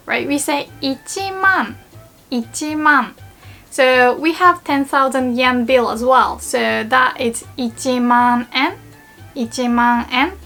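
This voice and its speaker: Bright high-pitched woman, a native Japanese speaker, hosting a casual language lesson over faint music. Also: vocal fry. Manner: chatty, giggly, playful. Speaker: language teacher.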